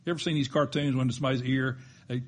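Husky-voiced preacher, emphatic. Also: male voice, mid-range voice, steady tone, fast talker. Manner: emphatic preaching with joking asides. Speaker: pastor. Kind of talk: sermon.

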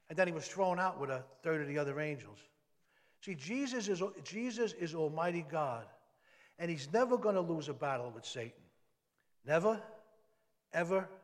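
Man preaching in a reverberant hall. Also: fairly high pitch. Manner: conversational preaching with emphatic rises. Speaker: pastor. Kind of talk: sermon.

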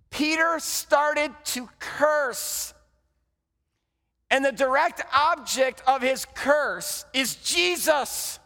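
A man with a high voice preaches in a church sanctuary. He tells the story dramatically, rising loud and dropping to a hush. His voice trails off in a long hall reverb. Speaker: pastor. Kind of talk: sermon.

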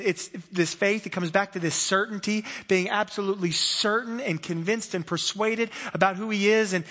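A man delivers a conversational sermon in a high, bright voice. He laughs easily and slips into small acted-out voices to make his points. The sound carries the long reverb of a large church hall. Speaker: pastor.

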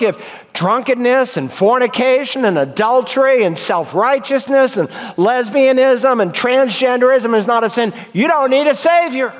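A pastor giving an emphatic sermon, his voice swinging between loud high calls and low quiet lines. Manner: emphatic preaching with sharp swings in pitch and loudness. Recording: long hall reverb.

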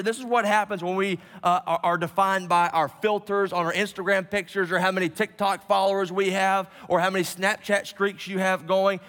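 A man preaching a sermon to his congregation, dropping low and slowing down on key words for emphasis. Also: a bit bright. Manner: preaching with dramatic drops in pitch and slowed emphasis. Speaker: pastor. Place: church sanctuary with a live congregation. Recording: long hall reverb.

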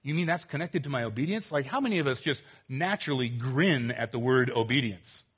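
A man preaching a sermon, earnest and emphatic, swinging between loud outbursts and quiet, low stretches. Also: lively intonation, a little fast, husky. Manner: earnest, emphatic, rising to exclamations and dropping to quiet.

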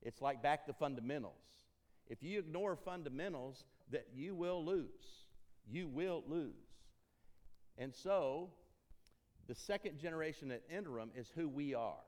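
A man's voice: a little high, animated, measured pace, darkish tone. A man from Tennessee speaking in a church as an interim ministry consultant, folksy and joking, repeating phrases for emphasis. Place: church sanctuary.

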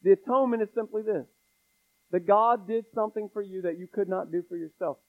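Speaking briskly in a high-pitched voice, this male pastor preaches to his congregation and pushes them with pleading rhetorical questions. The audio has a thin, phone-like quality.

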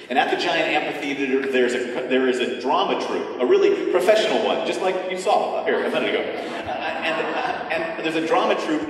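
A man preaching at a church retreat, reading scripture and praying, then telling a story and acting out its dialogue. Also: medium pitch. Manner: animated storyteller, acts out dialogue. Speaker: retreat speaker. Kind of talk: sermon with scripture reading and prayer. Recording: echoey hall, distant mic, faint noise.

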